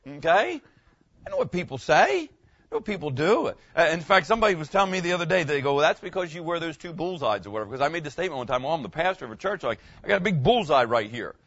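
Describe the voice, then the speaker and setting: A man's voice: fairly high pitch, a bit bright, highs cut off. A middle-aged male pastor preaching in a conversational way, often checking in with "okay?" and restarting his words. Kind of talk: sermon.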